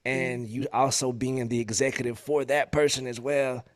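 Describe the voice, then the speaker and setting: A man, a musician guest, talking in casual podcast chat, relaxed, slangy and heartfelt. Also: medium pitch, moderate pace, no room sound, studio quality.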